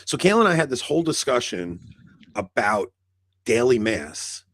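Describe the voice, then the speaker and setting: In a sing-song, medium-pitched voice at a moderate pace, a podcast co-host tells a long, rambling story during casual chat. It's full of "like" fillers and acted-out dialogue, with no echo on the recording.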